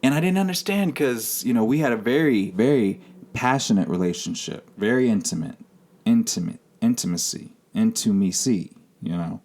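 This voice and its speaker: A man's voice: on the low side, lively intonation, normal speed, darkish tone. A man of thirty, a podcast host, telling his own story in a candid, rambling way with many fillers. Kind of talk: personal storytelling monologue.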